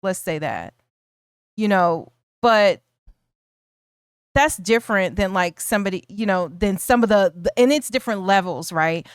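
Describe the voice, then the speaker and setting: Smooth-voiced woman co-hosting a film chat. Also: medium pitch, expressive, measured pace, no room sound, clean studio sound. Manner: thoughtful, many restarts, bursts of laughter. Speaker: podcast co-host. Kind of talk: casual film discussion.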